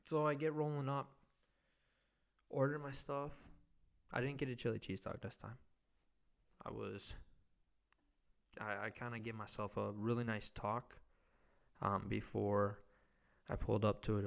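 A man's voice: mid-range voice, unhurried, vocal fry, pauses often, fairly bright tone. A young man hosting a solo comedy podcast, rambling and self-mocking, swearing constantly. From Wisconsin. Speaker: podcast host.

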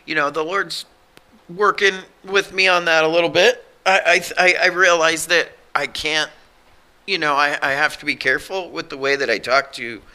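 A man's voice: a little high, fairly even intonation, moderate pace, bright, forceful tone, clean tone. A man in his forties talking casually and earnestly about his faith, blunt and self-deprecating. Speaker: co-host. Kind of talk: casual Christian podcast chat.

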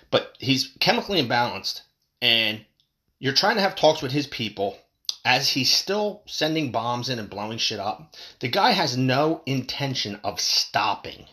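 A man giving a profane, angry political rant, with big swings in pitch when he stresses a point. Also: sharp tone. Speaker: political commentator.

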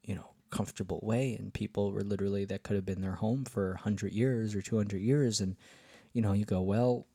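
A man with a low, gravelly voice tells a casual, meandering story for his podcast, full of fillers and restarts. His voice sounds a little husky. The recording is dry and close. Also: fairly even intonation, brisk, warm tone, no echo. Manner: rambling, many fillers and restarts, upbeat. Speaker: podcast host.

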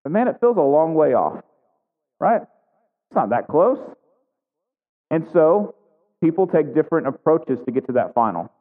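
A man preaches a sermon with a fairly high voice in a loose, conversational way, checking in with his listeners as he goes. The sound is thin and phone-like. A long reverb trails off in the hall behind him. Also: big pitch swings, unhurried, pauses often. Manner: conversational, asks the congregation questions. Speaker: pastor.

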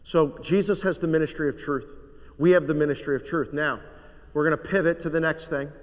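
A man preaching a sermon, earnest and measured, letting his voice sink to a quiet hush on the weightier lines. His voice sits a little high for a man. A long reverb trails every phrase, as in a large sanctuary. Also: steady tone. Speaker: pastor.

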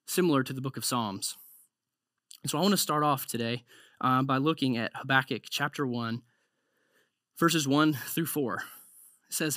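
A man's voice: on the high side, a bit bright, no echo, clean studio sound. A man preaching a conversational sermon, often repeating words and saying "like".

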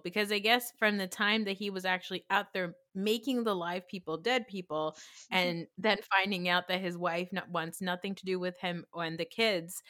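A woman in casual chat, retelling a film scene with lively acted-out quotes and frequent swearing. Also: lowish voice, no room sound, studio quality. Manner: animated storytelling, acts out quotes, swears freely. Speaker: podcast co-host recapping a film.

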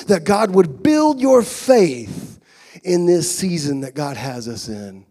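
Fervent preacher man, hushed to shouting. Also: sits high, big pitch swings, takes it slowly. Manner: swings from hushed to shouting with rising fervor. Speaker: pastor. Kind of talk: sermon. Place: church sanctuary.

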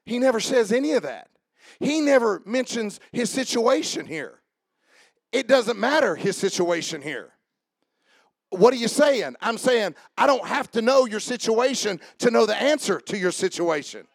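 A man preaching a sermon as pastor, shifting between shouted, rhythmic runs and a lower conversational tone, with jokes for the congregation. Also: very animated, moderate pace, vocal fry, no echo. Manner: joking with the congregation.

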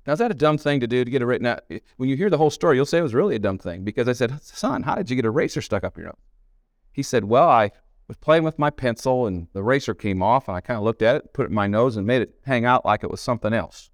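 A middle-aged pastor preaches a sermon in a camp meeting hall, telling family stories in a folksy way and repeating himself for emphasis. His mid-range voice is animated and quick. The recording is dry, with clean studio sound.

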